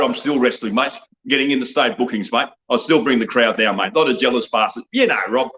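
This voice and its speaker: Ranting older Australian man, fast. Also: mid-range voice, a bit bright, muffled recording. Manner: blunt, profane, rambling, tags "mate" on nearly every line. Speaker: wrestling guest. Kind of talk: ranting interview talk.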